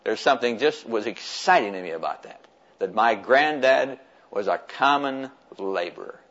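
An older man from the United States recounts a story with animated energy, often chuckling and acting out the voices of people he met. His voice sits at an ordinary pitch for a man. The recording sounds dull and lo-fi. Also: normal speed. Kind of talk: personal storytelling to an audience.

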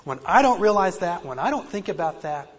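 A man's voice: high voice, very animated, brisk. A man preaching a sermon with earnest, self-deprecating emphasis and a slight speech impediment. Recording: dull lo-fi recording in a reverberant hall.

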